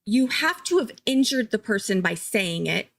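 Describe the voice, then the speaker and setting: A woman hosting a casual live-stream commentary, chatty and excitable, thinking aloud and laughing often. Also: medium pitch, moderate pace, vocal fry. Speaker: true-crime commentary host.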